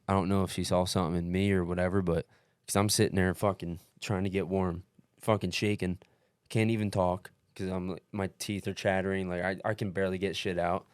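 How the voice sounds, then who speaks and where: A young man with a very low voice tells a story in loose, profane podcast chat. He is animated and calls everyone "dude". The sound is dry and close. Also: brisk, few pauses, clean tone, no room sound. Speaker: podcast guest recounting an ultramarathon.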